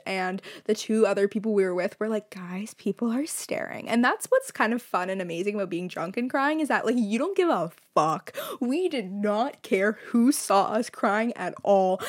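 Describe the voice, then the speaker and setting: A young woman hosting a podcast, talking openly and emotionally in a casual monologue, swearing freely and laughing as she talks. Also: mid-range voice. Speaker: podcast host.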